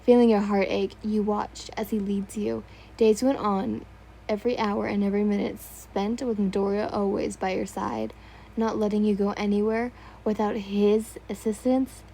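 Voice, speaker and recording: A woman's voice: medium pitch, level tone, moderate pace, vocal fry, mellow, breathy edge, low-quality recording. A woman reading fan fiction aloud, stumbling over words now and then and remarking on typos. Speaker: story reader.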